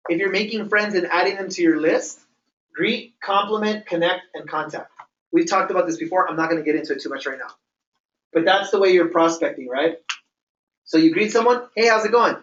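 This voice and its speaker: A man's voice: sits high, normal speed, pauses often, a bit bright. Male trainer, emphatic and repetitive group coaching; distant mic, dull room recording. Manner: repetitive, emphatic coaching with frequent "okay?" check-ins. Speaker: business trainer. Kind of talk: motivational training talk to a group. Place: meeting room with a live audience. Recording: roomy, distant, dull sound.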